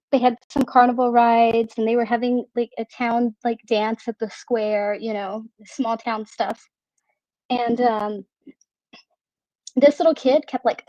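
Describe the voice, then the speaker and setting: A woman's voice: on the high side, darkish tone, no echo, dull audio. A young woman telling a rambling story on a livestream, full of "like" and laughing at herself. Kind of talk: casual storytelling.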